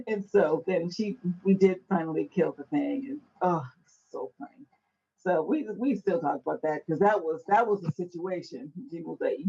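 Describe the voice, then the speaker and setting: A woman hosting a Bible study podcast, telling stories in a casual, animated way, acting out quoted voices and laughing often, on an indoor set. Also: on the low side, moderate pace, creaky, breathy edge, muffled recording. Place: indoor set with a fireplace backdrop.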